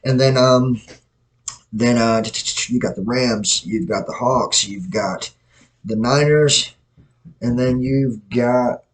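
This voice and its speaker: A man speaks slowly at a medium pitch, and the audio is poor. He hosts his self-produced podcast using its mic, delivering blunt, opinionated sports opinions in a casual, rambling way while often correcting himself.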